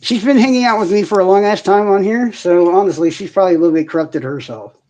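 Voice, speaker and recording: A man's voice: sits high, fast, a little mellow, a little hiss or hum. A man hosting a casual livestream, ranting in heavy profanity and answering viewers' comments directly. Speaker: livestream host.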